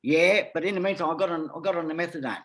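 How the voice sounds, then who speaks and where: A man's voice: fairly high pitch, racing, over a noisy crowd. An Australian man telling rambling stories as a podcast guest, talking bluntly and swearing freely. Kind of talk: casual storytelling.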